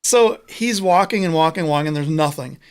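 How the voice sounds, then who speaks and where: A man's voice: a little high, lively intonation, moderate pace, smooth. A man co-hosting a live talk show, telling a long joke in a rambling, casual way and searching for words. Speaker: podcast co-host.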